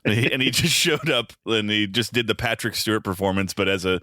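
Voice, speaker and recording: A man's voice: on the low side, a little fast, pushed and bright, dry recording. A man co-hosting a podcast, chatting casually about a film in a dry, wry, joking way with plenty of ums. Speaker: podcast co-host. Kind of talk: casual film-review chat.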